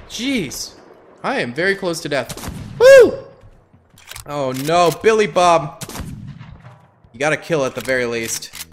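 A man's voice: high voice, fairly bright tone. A young man hosting a gaming channel, giving goofy, hyped gameplay commentary full of yelps.

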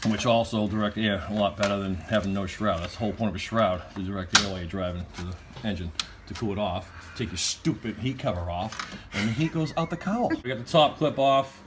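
A man hosting casual chat in a garage while working on a truck, animated and joking, laughing often. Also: lowish voice, fairly quick, noisy background. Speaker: host. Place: home garage.

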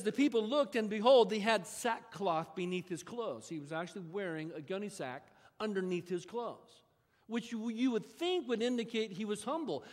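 A male pastor preaching a sermon in a church, talking in a conversational, folksy way with asides to the congregation. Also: high-pitched. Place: church sanctuary. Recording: long reverb of a church hall.

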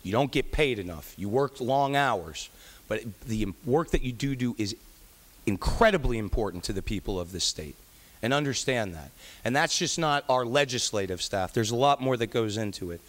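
A man's voice: medium pitch, lively intonation, normal speed. A man, a state legislator, giving an affectionate farewell speech on the chamber floor, full of fillers and restarts.

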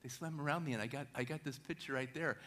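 A middle-aged man, a motivational speaker, telling an energetic story to a church audience and asking them questions. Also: medium pitch, quick pace.

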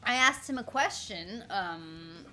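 A woman's voice: medium pitch, lively intonation, takes it slowly, bright, forceful tone, soft background music. A woman in her twenties chatting casually with her stream viewers, rambling through stories, laughing often and greeting chat along the way. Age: 20s. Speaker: livestreamer.

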